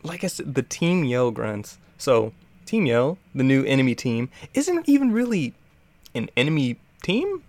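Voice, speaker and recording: A man's voice: medium pitch, measured pace. A man chatting casually about video games, laughing often and sometimes doing voices. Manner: laughs often, animated put-on character voices. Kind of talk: casual gaming chat.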